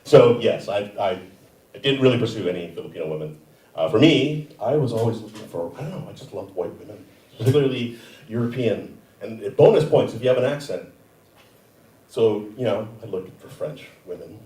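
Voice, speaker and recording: A man doing a stand-up comedy set on a theater stage, animated and acting out other people's voices. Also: on the low side, brisk, distant mic. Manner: animated, acts out voices of relatives and fantasy women. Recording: echoey theater, mic heard from afar.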